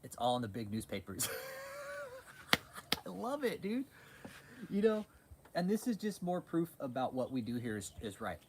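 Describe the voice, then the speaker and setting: A man's voice: medium pitch, a little slow, long pauses. A fired-up man hosting a livestream in a mid-range voice, cursing freely and tripping over his restarts. A faint hiss sits under his voice. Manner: profane, excitable, frequent restarts. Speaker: livestream host. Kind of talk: casual livestream talk, reading chat.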